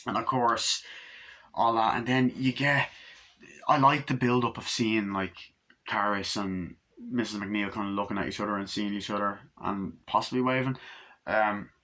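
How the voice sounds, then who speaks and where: A man's voice: fairly low pitch, steady tone, moderate pace, sharp tone. Rambling, swearing man reviewing a film. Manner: rambling, enthusiastic, heavy swearing. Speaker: movie reviewer. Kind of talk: casual film review monologue.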